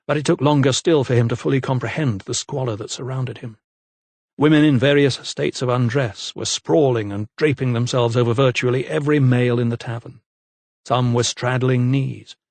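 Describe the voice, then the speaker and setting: A man narrating an audiobook in a measured, steady storytelling manner, close on the mic. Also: medium pitch, dry recording. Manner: measured, evenly paced storytelling. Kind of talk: scripted narration.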